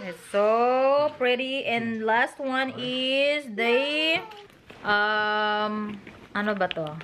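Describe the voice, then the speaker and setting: Excitable mom vlogger. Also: female voice, on the high side, very slow, slight background noise. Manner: chatty, excitable, laughs often. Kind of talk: casual family vlog.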